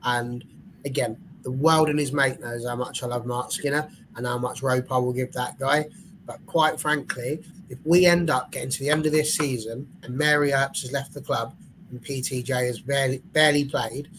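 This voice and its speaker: A man's voice: mid-range voice, fairly bright tone, a little hiss or hum, rough recording. A man, a fan panelist talking football in blunt, jokey casual chat.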